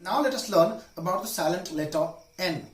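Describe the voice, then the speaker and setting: A man teaching English pronunciation, repeating each word slowly as a drill. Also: high voice, roomy sound, faint music behind. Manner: slow, repeats words for drill. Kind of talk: pronunciation lesson.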